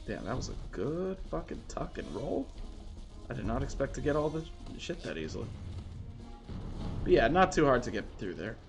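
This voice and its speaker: A man's voice: medium pitch, very animated, moderate pace, creaky, long pauses, over music. A man streaming a video game, chatting casually and swearing now and then. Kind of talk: casual gameplay commentary.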